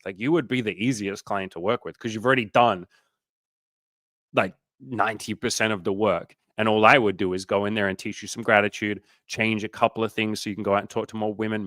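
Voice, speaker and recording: Lowish-voiced, profane man coaching on a livestream. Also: dry recording, studio quality. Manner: energetic, profane, pep-talk delivery. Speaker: dating coach. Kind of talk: casual livestream chat.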